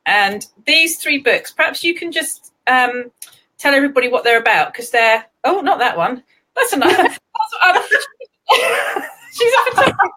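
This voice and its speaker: English woman hosting a live chat, high bright voice, giggly and all over the place. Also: expressive, a little slow, slight background noise. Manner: giggly, scattered, chatty. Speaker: livestream host. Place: home livestream.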